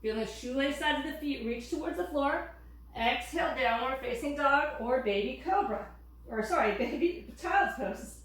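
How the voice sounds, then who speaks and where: A woman instructor calmly cueing breaths and yoga poses while demonstrating, a little out of breath. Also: high-pitched. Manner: calm cueing of breath and poses, occasional laughs. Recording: very echoey room, distant mic.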